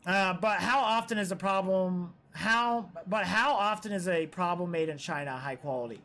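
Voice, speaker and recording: A man's voice: high-pitched, normal speed, sharp tone. A man streaming live, rambling through opinions in casual, profane chat.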